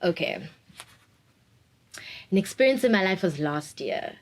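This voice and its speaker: A woman's voice: fairly low pitch, animated, a little slow, rough recording. A woman, talking openly and reflectively in an interview and laughing often. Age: 20s. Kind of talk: candid personal interview.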